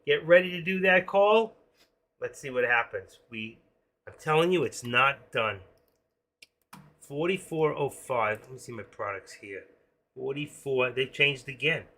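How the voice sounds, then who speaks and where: A man in his sixties, an excitable day trader, rambles through a casual live-stream commentary with pep-talk asides. His voice is mid-range and a little slow.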